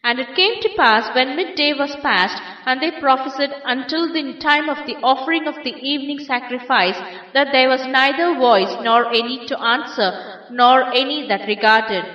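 A woman reading scripture aloud at a steady pace, in archaic wording. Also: high-pitched, moderate pace. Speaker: scripture reader. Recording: roomy hall, dull lo-fi sound.

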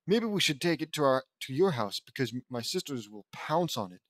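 A man's voice: mid-range voice, very animated, brisk, no room sound, studio quality, lightly acted. A man voicing an upbeat, scheming eleven-year-old boy in a fan-fiction audiobook. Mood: excited.

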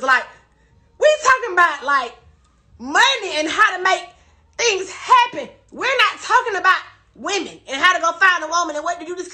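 A woman with a high, sharp voice cries as she rants defensively on a phone livestream, swearing and repeating herself in an emotional outburst.

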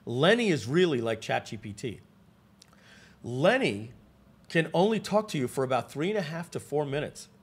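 Husky-voiced man presenting a webinar. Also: on the high side, unhurried. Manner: animated storytelling, frequent restarts and asides to the audience.

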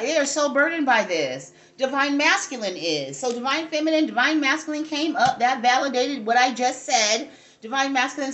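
Woman, casual tarot reader; slightly high voice, blunt, profane, rambling delivery. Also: a bit bright. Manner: blunt, profane, rambling, talks straight to viewers. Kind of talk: casual tarot reading monologue.

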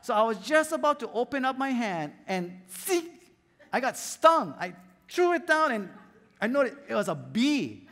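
A man preaches to his congregation in a high, lively voice that swings widely up and down. He acts out his stories with little sound effects. His voice rings with the long reverb of a large church hall. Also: moderate pace. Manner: animated storyteller, acts out scenes and sound effects. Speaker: pastor.

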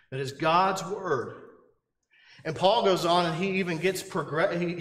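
A man preaching in a church with a fairly high voice. He sounds earnest and insistent, circling back over his phrases and asking his listeners questions. His words ring out in a roomy hall with a long echo. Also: fairly bright tone. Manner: earnest, repeats phrases, asks the congregation questions. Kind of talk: sermon. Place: church sanctuary.

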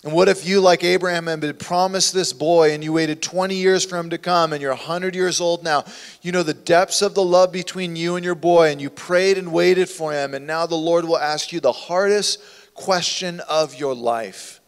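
A man preaching a sermon as a pastor, with impassioned delivery that swings from hushed to loud. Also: on the high side, steady tone, moderate pace, smooth. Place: church sanctuary. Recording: long hall reverb in a church.

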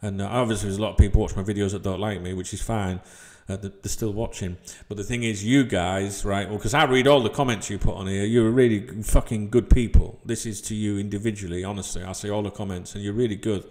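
A man's voice: fairly low pitch, steady tone, fast, hardly any pauses, a little mellow. A middle-aged man, ranting bluntly and swearing freely about football in a vlog to his subscribers. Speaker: football channel vlogger. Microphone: desk microphone.

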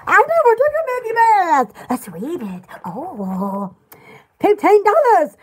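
A woman's voice: extremely high pitch, wildly swooping pitch, takes it slowly. A woman hosting a casual live sale of bath products, chatty and giggly, rambling between product lists. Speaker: online shop host selling bath products. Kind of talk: casual live sales chat.

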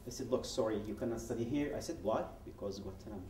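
In a spacious event hall, far from the mic, a Yemeni man gives personal testimony as a guest speaker at a public event. His lowish, slightly mellow voice moves at a quick pace, with a little hiss or hum in the background. He tells it as a story, voicing the dialogue he quotes and repeatedly restarting his sentences.

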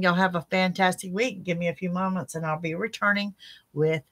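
Chatty woman, bright voice. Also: lowish voice, brisk, no room sound. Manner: animated, chatty, addresses viewers directly. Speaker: psychic tarot reader. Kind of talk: weekly tarot reading for viewers.

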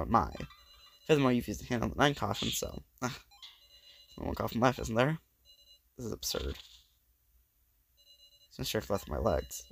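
Gravelly man reading game lines. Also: lowish voice, a little hiss or hum. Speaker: let's play host. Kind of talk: reading game dialogue aloud and reacting.

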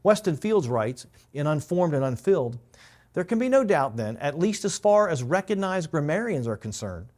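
A man's voice: a little high, sing-song, moderate pace, darkish tone. A male pastor giving a methodical Bible lesson, explaining grammar step by step and stressing key words. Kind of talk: Bible teaching.

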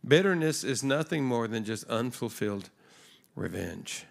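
This guest preacher has a creaky mid-range voice, lively intonation, and a measured pace. He speaks conversationally from the church stage to the congregation, relating a story and acting out what its characters say.

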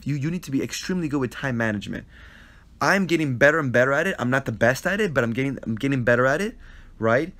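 Speaking fast in a mid-range, fairly bright voice, an animated man hosts a casual Q&A on a phone live stream. He answers viewers' questions with earnest, repetitive advice, frequently asking "right?"

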